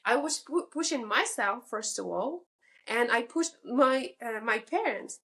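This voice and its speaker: Podcast guest, woman, 30s, slightly high voice, candid and emotional, halting phrasing. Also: expressive, fairly bright tone. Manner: emotional, halting, restarts sentences. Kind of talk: candid interview storytelling.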